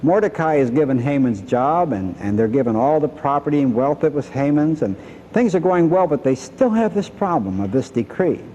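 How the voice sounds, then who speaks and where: A man's voice: on the high side, lively intonation, normal speed, warm tone, big-room sound, muffled recording, slight background noise. An older man teaching a Bible lesson, retelling the story and acting out the characters' lines.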